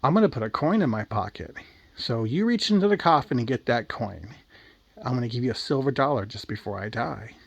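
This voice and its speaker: A man voicing a sharp-tongued, vengeful old grandmother who scolds and tells a grisly tale. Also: mid-range voice, expressive, fairly quick, gravelly, breathy edge, muffled recording. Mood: furious.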